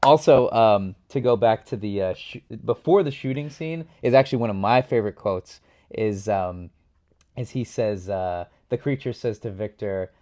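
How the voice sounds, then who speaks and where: Young male co-host, low-pitched, easygoing, laughing chat about films. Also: normal speed. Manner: relaxed, laughs often, quotes lines. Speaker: podcast co-host. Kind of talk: casual movie review chat.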